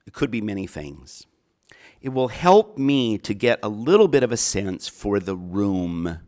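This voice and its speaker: A man's voice: on the low side, very animated, a little slow, a little mellow. A middle-aged man with a Minnesota accent giving a folksy keynote speech as a college counselor, often repeating his phrases.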